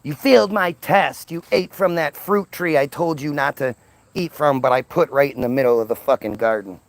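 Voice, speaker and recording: A man playing a shouty foul-mouthed God. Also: on the high side, moderate pace, no room sound, lightly acted. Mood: scolding. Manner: shouting, crude, exasperated. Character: petulant foul-mouthed male God, bossy.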